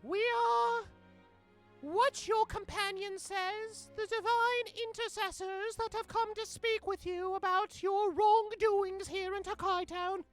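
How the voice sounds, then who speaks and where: A serene female holy envoy, as a man puts her on in a tabletop game, pitched far above his own voice. She speaks slowly and formally, with stately lofty pronouncements, over faint background music. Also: fairly even intonation, full character voice. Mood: solemn. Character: serene solemn female divine intercessor.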